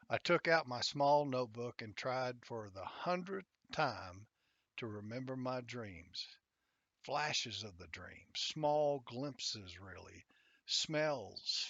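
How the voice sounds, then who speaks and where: A man's voice: medium pitch, no echo. Wry man reading his novel aloud. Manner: wry, conversational, drops into soft half-whispered asides. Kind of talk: first-person novel reading. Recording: slightly muffled dry recording.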